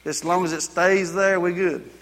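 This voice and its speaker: A man's voice: sits high, steady tone, normal speed, fairly bright tone, long reverb tail. A man preaching a sermon. He tells folksy personal stories and builds to repeated exhortations. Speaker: pastor.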